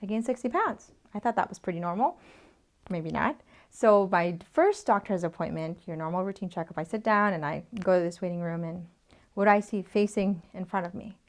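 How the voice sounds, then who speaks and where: A woman's voice: fairly low pitch, moderate pace. A woman in her thirties presenting a workshop at a whiteboard, speaking emphatically, often dropping to a near-whisper for effect and checking in with "okay?". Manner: repeats "okay?" to check in with listeners. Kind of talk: teaching talk at a whiteboard.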